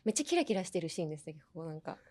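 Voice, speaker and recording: A woman's voice: low voice, big pitch swings, racing, mellow. Chatty bilingual woman teaching English. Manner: chatty, switches between English and Japanese, laughs often. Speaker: podcast host teaching English through anime lines. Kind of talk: casual bilingual teaching chat.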